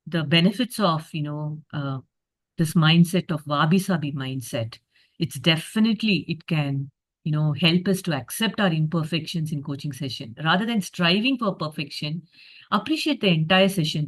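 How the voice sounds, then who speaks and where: A woman presenting a reflective coaching masterclass on a video call, talking with frequent fillers and acting out a coach's inner thoughts. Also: fairly low pitch. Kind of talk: online masterclass talk.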